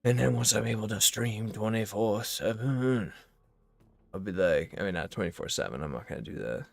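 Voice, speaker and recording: Low-voiced profane streamer ranting. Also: male voice, normal speed, creaky, dry recording, faint music behind. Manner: profane, rambling, animated. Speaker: gaming streamer. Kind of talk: casual streaming rant.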